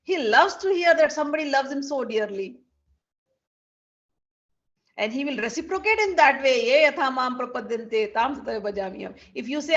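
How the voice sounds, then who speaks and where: A woman telling a devotional story, lively, acting out each character's lines. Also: high-pitched, brisk, lo-fi sound. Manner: animated, acts out the characters' lines.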